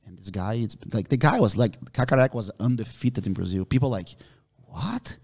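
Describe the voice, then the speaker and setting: A man, a podcast guest, telling animated stories with free swearing. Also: fairly low pitch, fairly quick. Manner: animated, swears freely, relives the moment. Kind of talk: casual storytelling.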